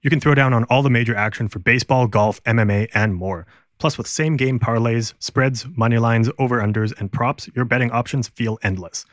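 A man's voice: mid-range voice, a little fast, no echo, clean studio sound. A man reading a sponsor advertisement in an upbeat, polished sales delivery. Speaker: ad reader.

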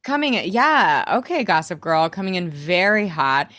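A woman's voice: fairly low pitch, sing-song, moderate pace, a bit bright. A young woman co-hosting a podcast, rambling and swearing through a casual episode recap with plenty of laughs. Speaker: podcast co-host.

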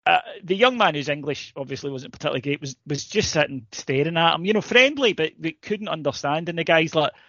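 A man with a Scottish accent, a podcast co-host telling stories in animated, casual chat. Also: a little high, quick pace, hardly any pauses, dry recording. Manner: storytelling, animated, swears casually. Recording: slightly dull lo-fi, dry.

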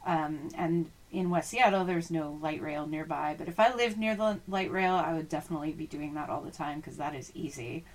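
A woman's voice: low-pitched, moderate pace, hardly any pauses. A woman hosting a casual sports podcast, chatty, laughing easily and reading out listener questions. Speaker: podcast host.

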